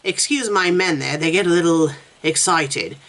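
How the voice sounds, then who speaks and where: A woman's voice: on the low side, moderate pace. A woman reading the lines of a menacing, swaggering male gang leader in her own plain voice. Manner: cocky, profane threats read flatly.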